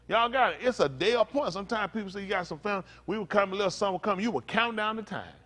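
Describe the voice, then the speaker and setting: A man's voice: high-pitched, a bit bright. A male pastor preaching a loose, conversational sermon, asking the congregation questions and spelling out words. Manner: stops to spell out Hebrew words slowly.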